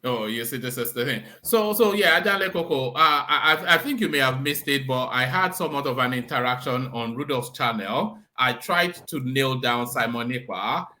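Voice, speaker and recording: A man's voice: mid-range voice, animated, normal speed, few pauses, bright, forceful tone. A man hosting a casual live discussion, chatty, laughing often and stumbling over repeated words. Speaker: host.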